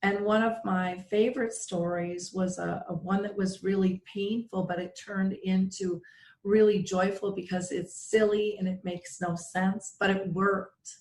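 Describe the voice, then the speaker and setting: A woman's voice: medium pitch, a little slow, echoey room, a little hiss or hum. Earnest middle-aged woman host telling a story. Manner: earnest, emotional storyteller with lively quoted voices. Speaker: radio show host. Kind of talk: personal storytelling in a radio interview.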